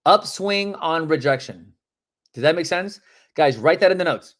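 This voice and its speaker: A man coaching real estate agents live, animated and emphatic, acting out phone calls and calling out viewers by name. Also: fairly high pitch, normal speed.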